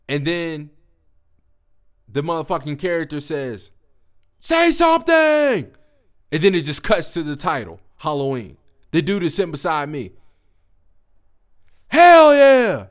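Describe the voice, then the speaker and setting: A young adult man hosting a podcast, telling a profane, slangy story in a casual, animated monologue. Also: on the high side. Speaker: podcast host.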